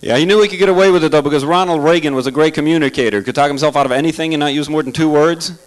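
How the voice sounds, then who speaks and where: A man's voice: on the high side, racing, poor audio. A man doing a stand-up comedy set in a club, sarcastic and chatty, asking the crowd questions.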